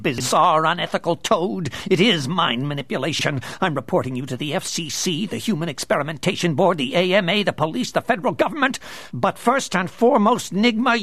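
A man's voice: medium pitch, creaky, husky, dry recording, heavily acted. A man voicing a furious, blustering middle-aged male boss in an audiobook. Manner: blustering, indignant.

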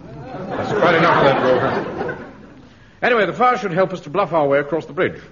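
Actor doing pompous captain, clipped orders, hiss, dull old broadcast. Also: male voice, fairly high pitch, expressive, a little fast, crowd noise, close to an everyday voice. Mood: commanding. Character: pompous middle-aged male captain, bossy and easily flustered. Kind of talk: radio sitcom acting.

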